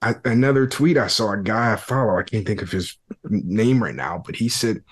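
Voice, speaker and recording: A man with a fairly low voice hosts a casual podcast chat. He talks things through thoughtfully and at an easy pace, stopping to build his theories. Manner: thoughtful, lays out theories in a relaxed way. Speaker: podcast host. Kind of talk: casual conversation about hip-hop.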